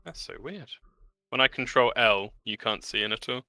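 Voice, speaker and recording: A man narrating a tabletop game as game master, relaxed with many fillers. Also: mid-range voice, normal speed.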